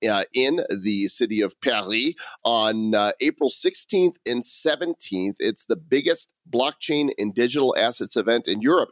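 Man, podcast host, playful and joking, mid pitch, dry close sound. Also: no echo. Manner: playful, jokes with a put-on French accent. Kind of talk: casual podcast chat.

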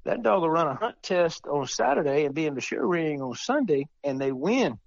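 A man's voice: on the high side, very animated, moderate pace, vocal fry, dry recording, highs cut off. A man explaining the rules of retriever tests in a casual chat. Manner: explains rules plainly, agrees often.

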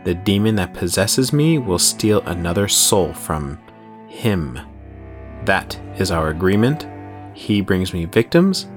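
A man voicing a possessed, murderous man bound to a demon, speaking with slow, gloating menace. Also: low-pitched, big pitch swings, over music, heavily acted. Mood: cold. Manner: slow, gloating menace with raised, strained outbursts.

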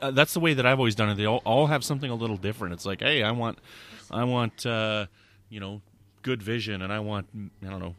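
A man guesting on a podcast commentary, telling stories in an animated way with lots of fillers and laughter. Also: mid-range voice. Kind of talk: casual episode commentary.

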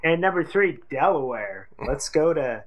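Playful animated female radio co-host. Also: sits low, unhurried. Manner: playful, jokey, puts on silly voices. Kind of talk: casual radio banter.

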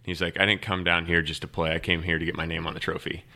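A man telling a lively golf story as a podcast guest, acting out what people said. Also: sits low, fast, noisy background. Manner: animated storyteller acting out quotes. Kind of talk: casual storytelling.

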